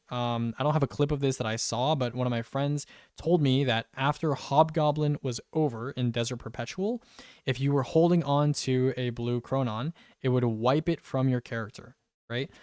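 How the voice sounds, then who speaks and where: A man's voice: mid-range voice, normal speed, a little mellow, no room sound, clean studio sound. A young man casually chatting about game updates as a gaming creator, rambling and tagging lines with "like" and "right?". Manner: rambling, full of "like" and "right?" tags.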